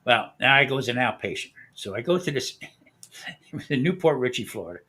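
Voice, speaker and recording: A man's voice: mid-range voice, expressive, brisk, pushed and bright, breathy edge. A man hosting a live stream who tells a long, profane anecdote with frequent laughter. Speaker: host. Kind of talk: casual storytelling on a live stream.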